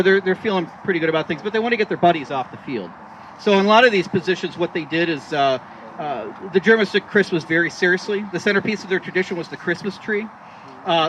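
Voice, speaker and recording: A man's voice: on the high side, lively intonation, fairly quick, highs cut off. Man talking far off outdoors. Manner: rambling, with many fillers and restarts. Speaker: re-enactment presenter. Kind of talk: outdoor history talk. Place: outdoors at a re-enactment site. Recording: distant outdoor recording with loud background noise.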